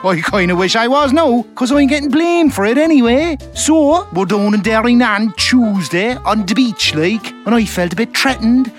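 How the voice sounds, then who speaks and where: A man's voice: very high voice, expressive, normal speed, soft background music. An actor playing a brash working-class man from Cork, calling in to complain in a blunt, slangy rant. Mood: aggrieved. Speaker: caller.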